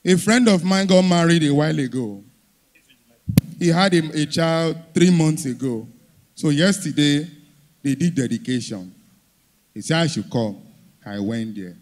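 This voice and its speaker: A young male stand-up comedian with a Nigerian English accent and a fairly high voice. He rants in an exasperated way, dropping into low asides and then bursting out loudly. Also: lively intonation, unhurried, pauses often. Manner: exasperated ranting storyteller, swings from low asides to loud outbursts.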